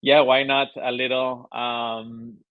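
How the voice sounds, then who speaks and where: A man with a Spanish accent speaks at an average pitch as an interview guest. He talks in a relaxed way and pauses with fillers and restarts. The call sounds dull and lo-fi, with a dry, close sound. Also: dry recording. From Spain. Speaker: club general manager, guest. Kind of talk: casual interview chat.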